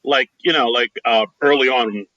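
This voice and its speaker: A man's voice: mid-range voice, moderate pace, bright, forceful tone, dry recording, lo-fi sound. A man co-hosting a podcast in casual chat, hesitant and loose, full of "like" and laughs. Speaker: podcast co-host.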